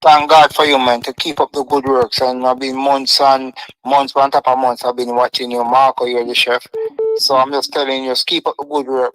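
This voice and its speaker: A man with a Jamaican accent calling in to a talk show, emphatic and repeating his praise, heard over a phone line. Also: mid-range voice. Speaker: caller.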